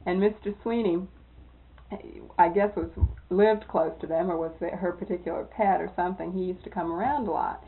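A woman being interviewed, telling old anecdotes in a lively way that often breaks into laughter. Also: fairly low pitch, moderate pace. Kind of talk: oral history storytelling. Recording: tinny lo-fi tape, phone-like.

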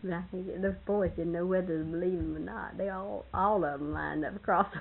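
An older woman with a husky voice, reminiscing casually about family and laughing often as she tells stories. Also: lowish voice, steady tone, a little fast, phone-quality sound. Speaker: storyteller in family history interview.

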